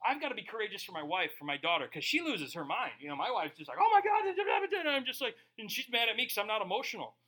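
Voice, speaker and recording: A male pastor preaching a sermon, reading scripture slowly and then talking casually with asides. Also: high voice, sing-song, bright, forceful tone, husky. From Germany.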